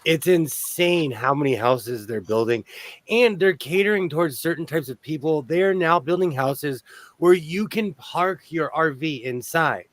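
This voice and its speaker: A man in a casual group chat, animated and opinionated as he tells stories. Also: on the high side, a little slow, no room sound. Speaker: livestream guest.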